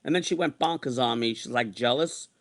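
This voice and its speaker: A man's voice: medium pitch, fairly quick, creaky. A man in his sixties ranting in a repetitive, exasperated way as he vents in an online monologue. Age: 60s. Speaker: online streamer.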